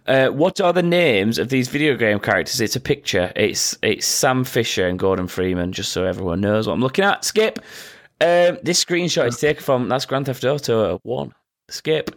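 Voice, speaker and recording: A man's voice: medium pitch, expressive, moderate pace. A man hosting a casual quiz with friends, reading out questions and making sarcastic, sweary asides. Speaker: quizmaster.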